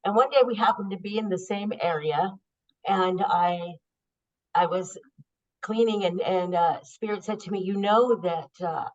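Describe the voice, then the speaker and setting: A woman hosting a podcast, chatting casually and warmly telling a story, openly emotional. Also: mid-range voice, moderate pace. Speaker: podcast host. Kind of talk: casual interview chat. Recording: dull lo-fi sound.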